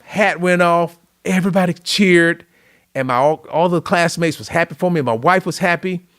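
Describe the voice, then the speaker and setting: A middle-aged man from Louisiana, a podcast guest, telling an emotional personal story in an earnest, animated way. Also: on the high side, normal speed, no room sound, clean studio sound. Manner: earnest, tearful at moments, animated retelling.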